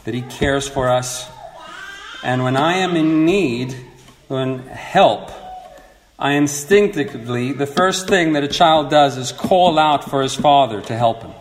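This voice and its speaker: Male preacher, mid pitch, earnest expository delivery, roomy echo with faint hiss. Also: measured pace. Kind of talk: sermon. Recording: echoey room with faint noise.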